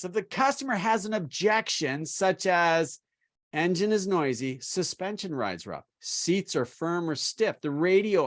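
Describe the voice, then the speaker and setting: A middle-aged man giving an instructional sales training talk, coaching with energy and emphasis. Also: high-pitched.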